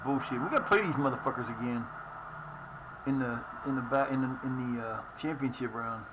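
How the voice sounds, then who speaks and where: A man's voice: mid-range voice, a little fast, lo-fi sound, background noise. A man streaming a football game live, swearing often as he rants at his team's play. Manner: frustrated, profane ranting at the game.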